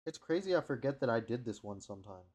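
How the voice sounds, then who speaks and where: A man's voice: mid-range voice, lively intonation, fast, darkish tone, breathy edge. A young man rambling through a confessional video diary at home on his webcam, trailing off and repeating himself. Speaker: video diarist.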